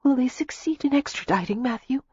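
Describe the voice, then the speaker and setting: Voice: high-pitched, expressive, brisk, darkish tone, slightly rough, no room sound, dull audio, pitched above the performer's own voice. A narrator voicing a spirited young American heiress in love in an audiobook, speaking earnestly and insistently. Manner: earnest, pleading. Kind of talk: audiobook character reading.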